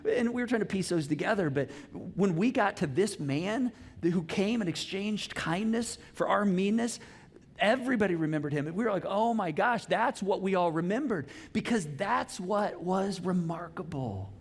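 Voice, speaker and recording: A middle-aged man preaching a sermon, telling a story with lively acted-out dialogue in a church auditorium. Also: high voice, normal speed, breathy edge. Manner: animated storytelling, acts out dialogue. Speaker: pastor. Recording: long hall reverb.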